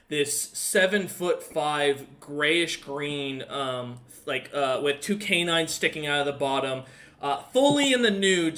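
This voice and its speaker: A man running a tabletop game as dungeon master, his voice a touch high. He narrates loosely, filling gaps with ums and uhs as he describes the scene. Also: a bit bright.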